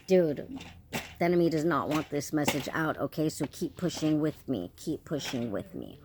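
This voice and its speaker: A woman's voice: deep voice, expressive, moderate pace. A woman relaying prophetic messages in a fervent, repetitive, emphatic way, sometimes stopping to restart. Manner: restarts and corrects herself mid-message. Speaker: self-described prophetic channel. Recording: loud clicking noise behind voice. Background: noisy clicking toy sounds.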